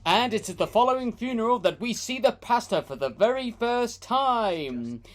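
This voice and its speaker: A woman's voice: fairly high pitch, expressive, moderate pace, soft background music. A woman from the United Kingdom co-hosting a film review with sarcastic, mocking commentary. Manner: dry, mocking asides, frequent laughs.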